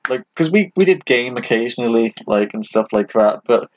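A man's voice: medium pitch, animated, normal speed. A young man hosting a podcast, chatting casually and laughing often, with lots of "like" fillers. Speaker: podcast host. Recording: slightly dull sound with faint noise.

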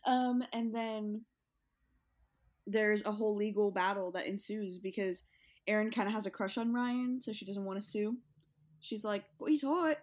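A woman's voice: mid-range voice, fairly even intonation, normal speed. A woman co-host chatting casually and telling a rambling, giggly story. She laughs often and keeps rolling from one idea to the next. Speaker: podcast co-host. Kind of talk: casual chat.

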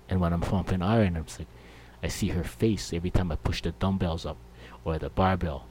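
Low-voiced rambling podcast host. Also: male voice, steady tone, a little fast, a little mellow, a little hiss or hum. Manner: rambling, jokey, full of fillers. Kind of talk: casual monologue.

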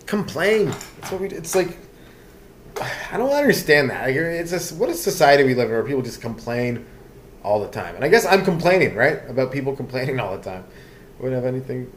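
A man's voice: medium pitch, sing-song, a little fast. A man from Canada hosting a solo comedy podcast, rambling loosely from one aside to the next with lots of fillers.

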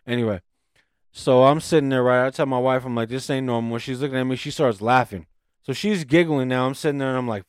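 A man telling a profane, animated story in casual chat on a podcast. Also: mid-range voice, fast talker, smooth, dry recording, studio quality.

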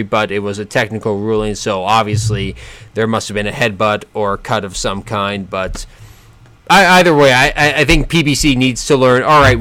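A man giving casual solo boxing commentary, sarcastic and animated, often stumbling and restarting his sentences. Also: mid-range voice, no room sound.

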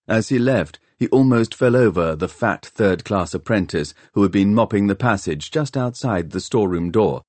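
A man reading a novel aloud as an audiobook narrator, in an expressive storytelling manner. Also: fairly low pitch, normal speed, few pauses, dry recording. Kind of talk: scripted narration.

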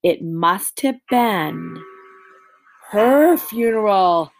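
A woman reads a spooky story aloud at a very unhurried pace, stumbling now and then before carrying on. Her pitch sits in an ordinary middle range. Soft music plays faintly underneath her voice. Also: animated, vocal fry. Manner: slow, deliberate reading with small slips.

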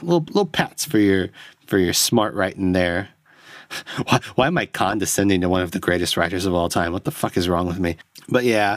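A man's voice: fairly low pitch, dry recording. A tipsy man hosting a solo film-review podcast, rambling and self-deprecating, alone at home at night into a close microphone. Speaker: podcast host. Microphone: studio mic close up.

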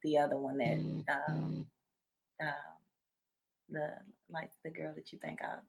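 A woman's voice: low-pitched, flat delivery, unhurried, vocal fry, a little mellow, husky. A woman chiming in with short remarks and frequent laughs while co-hosting a casual livestream from home. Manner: laughs often, chimes in briefly. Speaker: livestream co-host.

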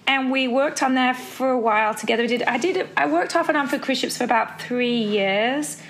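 A woman in her forties from the Black Country in England, her accent softened by years in America, chatting quickly as an interview guest and laughing often. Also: high voice. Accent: English Black Country, softened by travel and time in America. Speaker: guest, Pilates instructor and former dancer. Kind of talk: casual interview chat.

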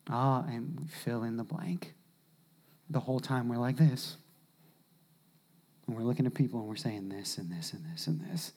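Animated male preacher, loud to hushed. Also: mid-range voice, normal speed, pauses often. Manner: animated, swings from loud shouting to hushed near-whispers. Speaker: pastor. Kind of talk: sermon.

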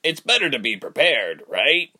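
A man voicing a kind, calm young traveler who speaks simply in a storybook. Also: on the high side, moderate pace, slightly rough, pitched above the performer's own voice, heavily acted.

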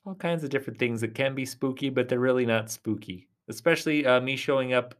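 A man hosting a casual solo podcast, rambling and chatty, talking straight to his listeners in a reassuring way, often dropping to soft near-whispers. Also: medium pitch, fast talker. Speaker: podcast host.

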